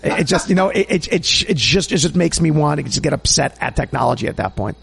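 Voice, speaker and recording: High gravelly-voiced man, chatty host. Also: fast. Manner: animated, chatty, warm religious Jewish talk with Hebrew terms. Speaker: podcast host. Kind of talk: casual chat and read sponsor ad.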